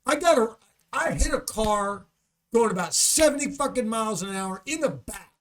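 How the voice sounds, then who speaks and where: A man with a strikingly high voice tells a profane comic story in a podcast studio. He rants with energy and swears all the time. Now and then he mimics a shouting judge. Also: normal speed, slight background noise. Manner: animated ranting, swears constantly, mimics angry judges. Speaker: comedian guest.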